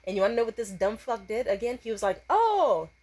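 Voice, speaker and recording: Profane, animated young woman ranting. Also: medium pitch, very fast, husky. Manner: profane, animated, breaks into exaggerated voices for quotes. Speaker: storytime vlogger. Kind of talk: casual storytime rant.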